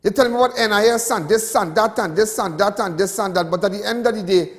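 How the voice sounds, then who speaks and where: A man's voice: sits high, fast talker, big-room sound. A Trinidadian man hosting a show, ranting with passion and repeating himself. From Trinidad and Tobago. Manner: impassioned, repetitive ranting. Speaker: host. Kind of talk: ranting commentary.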